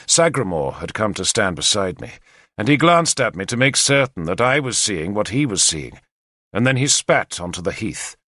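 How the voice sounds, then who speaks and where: A man narrating an audiobook in the first person, with expressive, lively storytelling on a close mic. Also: on the low side, moderate pace, dry recording.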